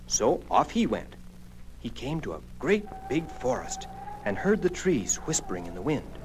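A man narrating a children's story in an expressive storybook cadence. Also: medium pitch, normal speed, a little hiss or hum, low-quality recording. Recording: music playing behind.

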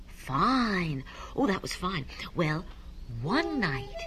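A woman reading a children's story aloud, animated and coaxing listeners to repeat tongue twisters. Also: medium pitch, slow pace, music in the background.

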